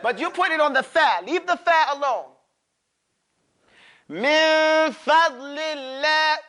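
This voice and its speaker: A male teacher leads a live Quran recitation class. His voice sits very high and sounds bright and forceful. He drills students with short repeated phrases, slows way down to model each word, and slips in loose, joking asides. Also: lively intonation. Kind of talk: classroom tajweed lesson.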